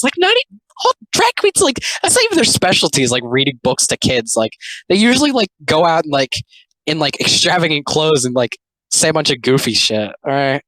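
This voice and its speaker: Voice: medium pitch, big pitch swings, a little fast, fairly bright tone, no room sound, rough recording. A speaker giving casual, rambling, sarcastic commentary on comics, full of filler words. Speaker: commentary host.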